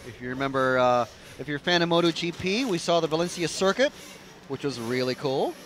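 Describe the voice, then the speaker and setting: A man's voice: on the high side, lively intonation, brisk, fairly bright tone, a little hiss or hum, rough recording. A man giving casual, rambling live race commentary with lots of fillers. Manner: chatty, rambling, with frequent fillers. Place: outdoor racetrack, trackside.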